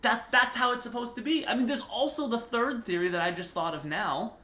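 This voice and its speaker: A young man co-hosting a podcast in casual chat, getting excited and rising in pitch when he makes a point. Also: a little fast, reverberant. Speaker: podcast co-host.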